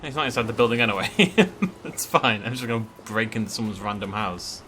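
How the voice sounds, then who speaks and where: A man chatting casually and excitably over his gameplay, swearing lightly as he goes. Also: fairly low pitch, brisk, slight background noise. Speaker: let's play host.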